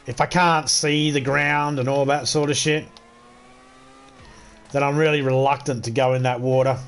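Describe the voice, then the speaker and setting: A man's voice: mid-range voice, fairly even intonation, normal speed, smooth. A man with an Australian accent hosting a gaming livestream, telling stories in a crude, swearing, joking way. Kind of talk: casual storytelling chat.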